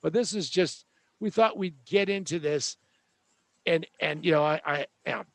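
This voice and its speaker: A man's voice: a little high, measured pace, no room sound. A man hosting a show, delivering a joking, sarcastic tech rant with a rambling manner. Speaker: host.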